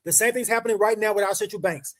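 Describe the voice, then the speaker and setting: Man, high voice, livestream host, casual chat, slangy, emphatic, repeats himself. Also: fast talker, fairly bright tone. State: emotional, choked up.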